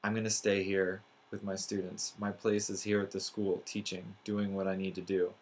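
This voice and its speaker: A man voicing an elderly female French teacher who is lively and warm, sing-song in class and hushed in sorrow. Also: low voice, normal speed, slightly rough.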